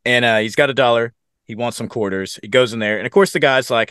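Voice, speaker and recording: A man's voice: medium pitch, quick pace, fairly bright tone, clean tone, dry recording, clean studio sound. A man chatting casually about a film, retelling scenes and swearing freely. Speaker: podcast co-host.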